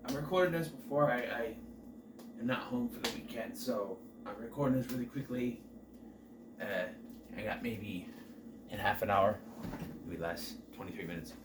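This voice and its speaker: A man's voice: mid-range voice, moderate pace, pauses often, noisy background. A man casually reviewing a horror movie, rambling and offhand, swearing freely as he recaps the plot.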